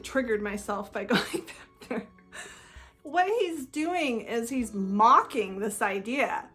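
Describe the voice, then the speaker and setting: A woman hosting a talk on psychology, explaining earnestly and slowing down for emphasis. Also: on the high side, fairly bright tone. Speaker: host. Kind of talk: personal talk about psychology.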